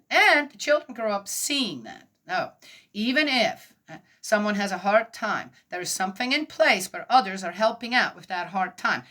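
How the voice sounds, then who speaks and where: Middle-aged woman, bright tone; casual, rambling host who chuckles and keeps asking "right?". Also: on the high side. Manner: chatty, rambling, asks "right?" often, laughs. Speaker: host of a Bible reflection talk. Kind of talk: casual spoken reflection.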